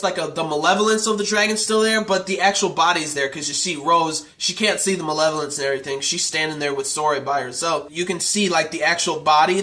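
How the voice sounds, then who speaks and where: A young man giving a casual, rambling, excited recap review of an anime episode, full of fillers. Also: high-pitched.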